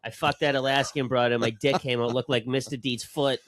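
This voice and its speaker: A mid-pitched man throws in crude, blunt jokes, swearing heavily. A faint noise sits behind his voice. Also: steady tone, brisk, fairly bright tone. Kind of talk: casual profane chat.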